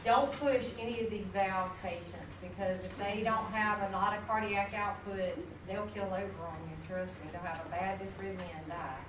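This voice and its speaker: A woman teaching a nursing class, folksy and animated, talking straight to her students as she mixes lecture with stories. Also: mid-range voice, normal speed, hardly any pauses. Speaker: nursing instructor. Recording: echoey classroom recorded from a distance with noise.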